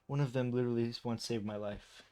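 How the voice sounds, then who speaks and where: A man reading pages of game lore aloud at a middle pitch. He keeps tripping over words and restarting them, then drifts into loose, chatty asides that poke fun at himself. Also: steady tone, a little fast, mellow, clear, resonant tone. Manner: chatty and self-deprecating asides. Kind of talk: reading aloud with casual commentary.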